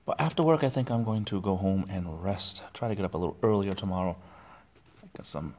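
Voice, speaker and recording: Casting: man, fairly low voice, easygoing livestream host, rambling chat with viewers. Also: brisk, darkish tone. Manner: rambling, chatty, reads chat comments aloud. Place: at home.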